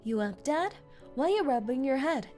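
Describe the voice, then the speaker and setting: A woman voicing a blunt, friendly young girl from East London with a slangy, softer, lower voice than her own. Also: very animated, normal speed, faint music behind. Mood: chatty.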